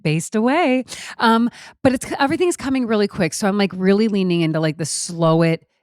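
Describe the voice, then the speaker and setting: A woman in her forties co-hosting a podcast, talking in a chatty, animated way with many fillers and restarts. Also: mid-range voice, fairly quick, smooth, dry recording, clean studio sound. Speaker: podcast co-host. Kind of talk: casual chat.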